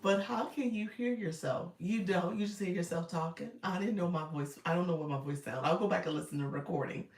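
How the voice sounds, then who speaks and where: Speaking fairly quickly with hardly any pauses, a woman with a lowish voice coaches a live-stream audience in a casual, chatty way. She drops in y'all and ain't and breaks off mid-sentence to greet arriving viewers by name. The audio is roomy and distant from the mic.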